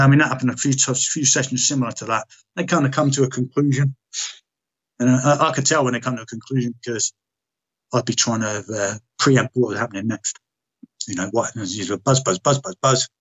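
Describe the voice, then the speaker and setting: A British man, a military veteran, telling a personal story in conversation, halting and restarting often and swearing frankly. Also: medium pitch, husky, lo-fi sound.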